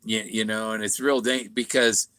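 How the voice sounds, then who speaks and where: A man's voice: on the low side, fairly even intonation, moderate pace, pushed and bright, a little hiss or hum. A man rambling through a casual monologue, stumbling and repeating words, sometimes mimicking other voices. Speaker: vlogger.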